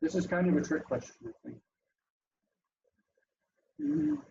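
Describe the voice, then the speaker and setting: A man teaching a class over a video call, lively and explaining step by step with many fillers, heard through dull, lo-fi call audio. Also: sits high, a little slow, gravelly.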